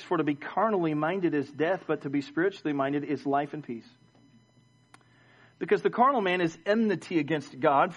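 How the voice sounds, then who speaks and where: High-voiced man preaching a sermon. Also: husky. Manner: preaching with sharp swings from loud emphatic lines to quiet low ones. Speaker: pastor. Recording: dull lo-fi sound.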